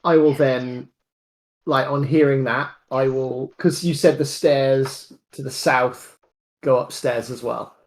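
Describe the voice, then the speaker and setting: A tabletop player who talks slowly, stopping and restarting mid-sentence. The voice has a gravelly, creaky edge. The player is working out their character's moves aloud. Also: mid-range voice, steady tone, low-quality recording. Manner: slow, halting, many restarts. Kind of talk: playing a tabletop game.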